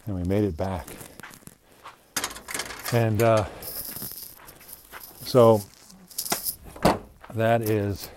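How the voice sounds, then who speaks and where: Low-voiced rambling male podcaster. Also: fairly even intonation, drawn-out words, long pauses, darkish tone, slight background noise. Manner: rambling, reflective, self-deprecating. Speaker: podcast host. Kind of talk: casual monologue podcast.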